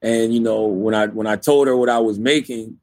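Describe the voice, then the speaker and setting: A man from South Carolina, a radio host guesting on an interview, talking in a relaxed, chatty way. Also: lowish voice, brisk. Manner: relaxed, chatty, many fillers like "you know". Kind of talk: candid interview conversation.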